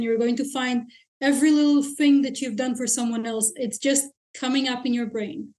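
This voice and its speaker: A woman's voice: high-pitched, fairly even intonation, normal speed, mellow. A woman mindset coach, a podcast guest, explaining her methods in a direct, matter-of-fact way. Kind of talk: casual interview chat.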